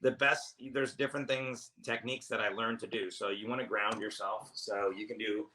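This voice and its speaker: A man's voice: on the low side, fairly even intonation, normal speed, sharp tone. A man, a comedian guest, telling stories in a casual chat, rambling, restarting and swearing freely. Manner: rambling, self-interrupting storyteller, swears freely.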